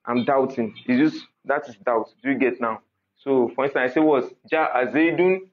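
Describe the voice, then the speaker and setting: A man's voice: medium pitch, normal speed. A man teaching Arabic grammar in a class lecture, often checking understanding with "do you get?" and quizzing the class with "what?". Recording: tinny phone-like audio.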